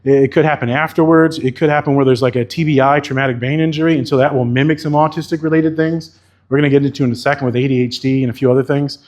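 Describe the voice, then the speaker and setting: A man's voice: mid-range voice, fairly even intonation, fast, darkish tone. A man giving a conference keynote as a therapist, talking candidly and casually and swearing freely. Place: conference venue.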